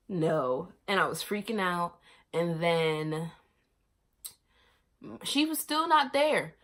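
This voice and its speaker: A young woman vlogger telling a long personal story in a casual, animated way, acting out other people's lines in a raised voice. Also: low-pitched, measured pace, pauses often. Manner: animated, acts out the nurses' and her own lines in raised voices, laughs often.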